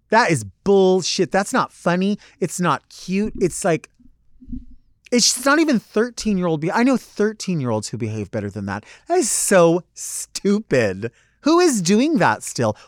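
Male podcast host, blunt ranting delivery, slightly high voice with lively pitch. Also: dry recording, studio quality. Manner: blunt, profane, animated ranting with mocking impressions. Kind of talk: casual rant.

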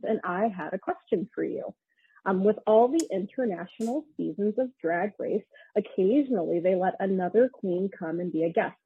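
A woman from the United States leaves an eager, friendly voicemail. Her voice is very breathy and husky. The recording is a dry, tinny phone line. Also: medium pitch, dry recording. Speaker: caller leaving a voicemail. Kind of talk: voicemail message.

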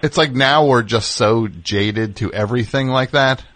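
Loose call-in chat fills this radio show, where the male host rambles easily with callers through many fillers. He speaks in a mid-range voice at a measured pace.

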